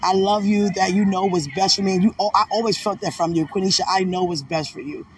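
A woman's voice: medium pitch, steady tone, quick pace, far from the mic. A woman recording a casual, heartfelt video message of thanks, emotional and devout, rambling with many fillers. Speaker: fiancée giving thanks.

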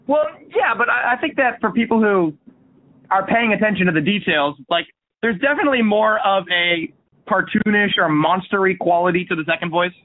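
Brief: wry male guest, high voice, dry phone-call sound. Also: fairly quick, a little hiss or hum. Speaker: guest, teacher. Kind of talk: casual chat. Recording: dry tinny phone-like line.

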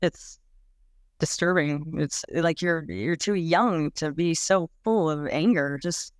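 Frank woman with a smooth, dry voice. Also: sits low, slow, no echo. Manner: frank, casual, many "like"s, swears bluntly. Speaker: interviewee. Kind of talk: candid personal recollection.

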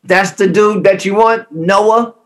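Dude doing standup, highish voice, teasing and dry. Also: male voice, slow pace. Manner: wry, teasing delivery. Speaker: stand-up comedian. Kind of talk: stand-up set.

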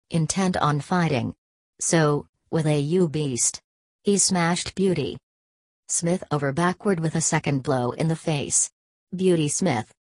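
Woman narrator, low-pitched, dry recording, measured storybook reading. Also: a little mellow, dry recording. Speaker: audiobook narrator. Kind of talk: scripted narration.

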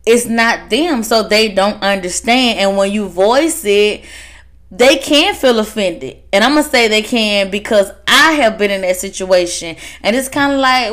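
A woman giving a casual motivational talk to fellow workers, animated and laughing as she acts out her family's voices. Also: mid-range voice. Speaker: speaker addressing workers.

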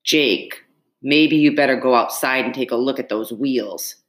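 A woman's voice: extremely low pitch, measured pace, fairly bright tone. A woman voicing a sly, threatening middle-aged man who questions others with suspicion. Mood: menacing. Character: menacing middle-aged male slave-catcher, sly. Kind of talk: audiobook character reading.

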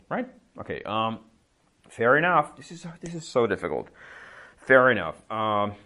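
A man who grew up speaking Czech teaches a language class, explaining phrases through lively example dialogues. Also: on the low side.

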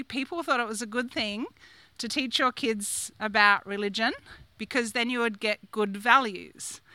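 A woman in her fifties preaches a sermon in a chatty, questioning way, laughing now and then. Her voice is bright and crisp, pitched a little high. The sound is close and dry. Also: no room sound. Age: 50s. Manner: chatty, asks the congregation questions, laughs often. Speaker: guest preacher. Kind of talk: conversational sermon.

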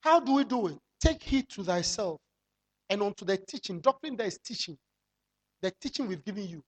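A pastor preaching a sermon, firing rhetorical questions at the congregation and drawing out key phrases slowly for emphasis. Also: medium pitch, lively intonation, husky.

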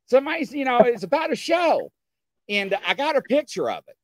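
A man's voice: sits high, brisk, no room sound. A man telling a story in casual chat, acting out dialogue and often checking in with his listeners. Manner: animated, acts out dialogue, keeps checking in with "okay?".

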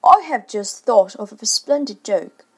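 A woman voicing a blustering, self-pitying middle-aged father in a storybook reading, talking loudly and shouting. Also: mid-range voice, expressive, unhurried, slightly rough.

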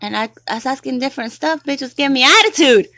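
A woman's voice: high-pitched, fast talker. A young woman hosting a casual solo podcast, rambling and laughing as she talks. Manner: rambling, laughs often, shouts catchphrases. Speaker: podcast host.

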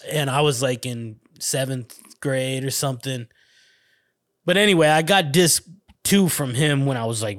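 A man around forty with a somewhat high voice, hosting his own podcast. He tells stories in a loose, rambling, foul-mouthed way, circling back and restarting as he goes. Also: fairly bright tone. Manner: rambling, profane, laid-back, restarts and laughs often. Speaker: podcast host. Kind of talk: casual storytelling monologue.

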